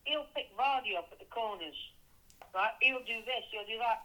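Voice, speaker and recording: Bright-voiced forthright woman. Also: a little high, moderate pace, low-quality recording. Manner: forthright and scornful. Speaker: podcast co-host. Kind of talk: casual football fan chat.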